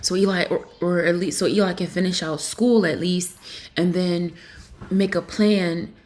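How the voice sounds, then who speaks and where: A young mother from Pennsylvania speaking in a confessional vlog, emotional and halting, with many fillers. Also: fairly low pitch, steady tone, a little mellow. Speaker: vlogger and mother.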